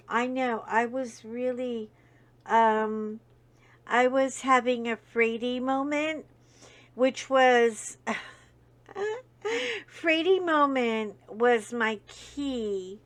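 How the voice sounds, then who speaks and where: Female host, casual heartfelt storyteller, slow and a bit high. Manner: rambling, heartfelt, many fillers.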